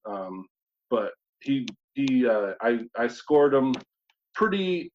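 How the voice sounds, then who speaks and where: A man from New York State, a guest telling a hunting story in a casual, animated way, acting out his own thoughts. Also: medium pitch, takes it slowly. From New York State, USA. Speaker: guest hunter. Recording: slightly dull lo-fi audio.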